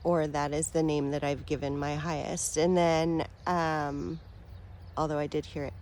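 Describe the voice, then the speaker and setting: Slow, earnest woman vlogger. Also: low-pitched, level tone, a little hiss or hum. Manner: earnest, affectionate, rambling with fillers and soft laughs. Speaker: spiritual vlogger. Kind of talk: heartfelt direct-to-camera talk.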